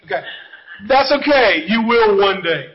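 A man's voice: sits high, animated, measured pace, lo-fi sound. A middle-aged man preaching a sermon, telling folksy stories and jokes and talking to the congregation. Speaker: pastor. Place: church sanctuary.

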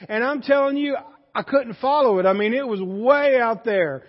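Guy preaching a sermon, really high voice, big echoey church sound. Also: normal speed. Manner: folksy storytelling preacher, rising to loud emphasis. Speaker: pastor. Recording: dull sound with long hall reverb.

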